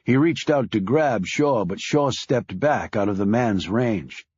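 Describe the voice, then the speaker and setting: A man reading a thriller audiobook in a grave, measured way, dropping low on sad lines. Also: expressive, darkish tone, slightly rough, no echo, dull audio. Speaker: audiobook narrator. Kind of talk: scripted audiobook narration.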